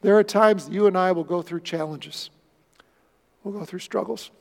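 High, gravelly-voiced preacher in a big hall. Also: male voice, normal speed. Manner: earnest storytelling, swings from loud bursts to quiet. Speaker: pastor. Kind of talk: sermon.

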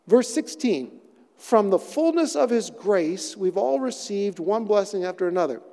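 A male pastor giving an expository sermon, with dramatic pauses and emphatic repetition in a church sanctuary. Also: high voice, lively intonation, warm tone. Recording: long reverb of a large hall.

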